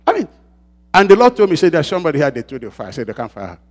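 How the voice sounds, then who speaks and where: High-voiced preacher calling out to the congregation. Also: male voice, huge pitch swings, very fast. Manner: call-and-response preaching, asks the congregation to fill in words; swings from loud shouts to quiet low asides. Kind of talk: sermon.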